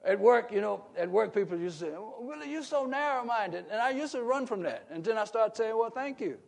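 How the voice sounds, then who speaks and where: A preacher man with a very high voice delivers a sermon with strong emphasis. He puts questions to his listeners, and his voice climbs into forceful shouts on key points. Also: animated, fairly quick, gravelly. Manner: asks the congregation questions and rises to emphatic shouts. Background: congregation calling out responses.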